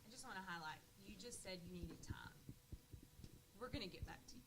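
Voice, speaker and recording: A woman's voice: mid-range voice, expressive, fairly quick, a bit bright, a little hiss or hum, low-quality recording. A woman speaking as a school board member, passionate and rousing in a public meeting.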